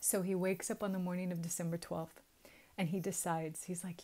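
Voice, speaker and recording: A woman with a Southern US accent casually retelling a sacred story, chatty and quick to laugh at her own jokes. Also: lowish voice, little pitch movement, a little mellow. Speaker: spiritual storyteller.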